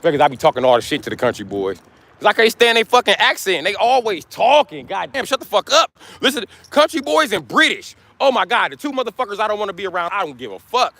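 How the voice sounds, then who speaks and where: A man's voice: high voice, very animated, fast talker, a bit bright, dry recording. A man in his forties from the United States, ranting on a livestream, blunt and cursing nonstop. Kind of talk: profane rant to a live stream.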